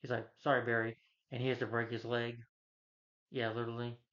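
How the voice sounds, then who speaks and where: A man's voice: mid-range voice, flat delivery, brisk, fairly bright tone. Rambling man recapping a movie, lo-fi. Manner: rambling, frequent "you know" fillers. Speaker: movie reviewer. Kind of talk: casual plot recap. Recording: dull lo-fi recording.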